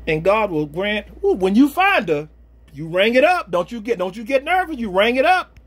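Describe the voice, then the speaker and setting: A man who is a pastor and podcast host, giving a preachy commentary with slang asides, swinging between loud exhortation and low murmurs. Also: big pitch swings, moderate pace.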